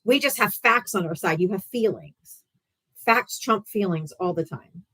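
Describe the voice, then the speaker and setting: A woman's voice: medium pitch, animated, unhurried, sharp tone. A woman hosting a live political debate stream, ranting in a casual, profane, sarcastic and heated way. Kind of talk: casual livestream rant.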